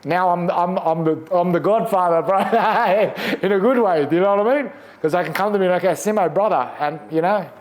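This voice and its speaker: A man with an Australian accent, in his forties, telling his faith testimony casually, animated and slangy, laughing often. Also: sits high. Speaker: guest sharing testimony.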